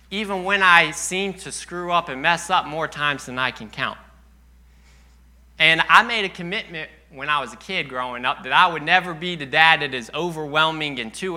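A man's voice: a little high, bright, forceful tone. A young man preaching a sermon in a church, telling earnest personal stories, at times choked up.

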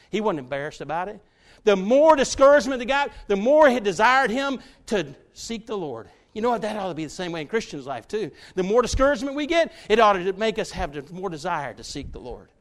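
A man preaching a sermon to his church, folksy and direct with the congregation, often building to loud, fervent stretches. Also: sits high. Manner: folksy, talks straight to the congregation, builds to shouts.

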